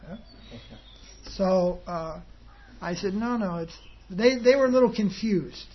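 Unhurried and high-pitched, this slightly rough male voice belongs to a spiritual teacher. He gives a group an informal, rambling devotional talk full of chuckling asides, and the lo-fi recording sounds dull with faint ambience.

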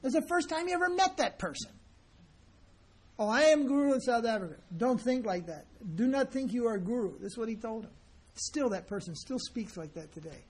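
A man's voice: extremely high pitch, very animated, a little fast, husky. A man teaching as a spiritual teacher in an informal sermon, speaking in a conversational, emphatic way and acting out the people he quotes.

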